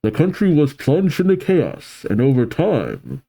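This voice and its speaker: Animated man reacting to a manga. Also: on the high side, measured pace, creaky. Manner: animated, reads aloud and reacts. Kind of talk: casual reaction commentary.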